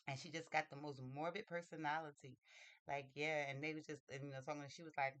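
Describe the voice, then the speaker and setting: A woman with a low, smooth voice retells a novel in loose, rambling fashion, full of fillers and restarts. The sound is close and dry, with no room echo. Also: steady tone, fairly quick, a bit bright. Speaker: book reviewer. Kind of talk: casual storytelling retelling a novel.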